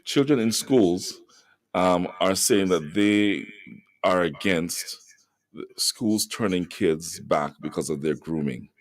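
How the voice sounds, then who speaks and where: A man's voice: sits low, slow, dry recording. A middle-aged man with a Jamaican accent hosting a radio talk show, preaching emphatic, moralizing commentary and repeating words for stress. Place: radio studio.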